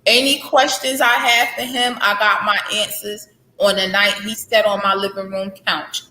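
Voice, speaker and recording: In an echoey room, a woman author in her thirties opens up sincerely about faith and healing during a candid interview, repeating phrases for emphasis. Her bright, forceful voice sits at medium pitch, with a steady tone and normal speed.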